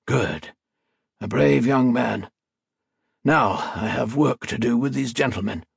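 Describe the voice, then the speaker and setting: A man voicing a calm, coolly insistent doctor who experiments on people, in an audiobook. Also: medium pitch, slow pace, vocal fry, husky, no echo, clean studio sound, exaggerated voice. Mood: coaxing. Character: cold, coaxing male doctor experimenting on people.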